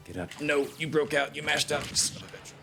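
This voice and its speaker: A man's voice: on the high side, fairly quick, vocal fry, over music. A man streaming a fighting game, chatting casually with viewers and trash-talking his opponents with plenty of swearing. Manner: excitable, profane trash talk to chat. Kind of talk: casual live-stream gameplay commentary.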